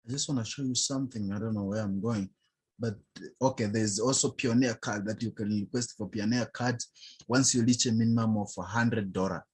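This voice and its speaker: Husky low-voiced man walking through a tutorial. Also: steady tone. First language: not English. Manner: halting, chatty, addresses viewers as guys. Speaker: online money vlogger. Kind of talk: screen-recording tutorial walkthrough.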